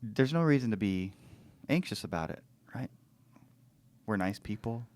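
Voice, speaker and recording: A male podcast co-host talks in a friendly, reassuring way. His voice is animated, rising and falling a lot. It sounds close and dry. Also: fairly low pitch, normal speed, no echo. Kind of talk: casual podcast chat.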